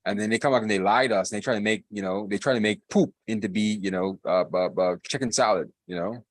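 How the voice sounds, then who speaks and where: A man's voice: fairly low pitch, fast talker, no room sound. A man co-hosting a podcast, ranting emphatically and repeating himself in casual political talk. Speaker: podcast co-host.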